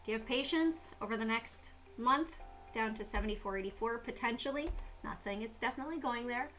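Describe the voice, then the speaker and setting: Bright, animated woman hosting a market livestream. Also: a little high, a little fast, a little hiss or hum. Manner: animated, exclaims and asks rhetorical questions. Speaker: stock market livestream host. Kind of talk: casual chart commentary.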